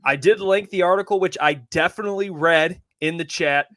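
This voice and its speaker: An upbeat man hosts a sports podcast in a slightly high voice. His voice sounds dry and close to the mic, with no room echo. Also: fairly quick, a bit bright. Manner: upbeat, thanks guests and plugs links. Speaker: podcast host. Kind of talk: casual podcast chat.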